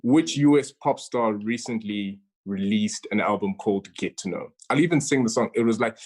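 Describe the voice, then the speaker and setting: A woman's voice: a bass voice, normal speed, few pauses, a little mellow. A woman hosting an online quiz over a video call, chatty and stumbling over her words as she reads each question twice. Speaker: quizmaster.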